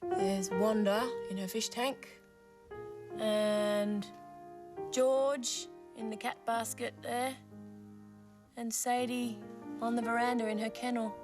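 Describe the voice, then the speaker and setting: A woman presenting a children's TV show, playing gently with toy animals and asking the young viewers questions. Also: fairly high pitch, steady tone, takes it slowly, pauses often, over music.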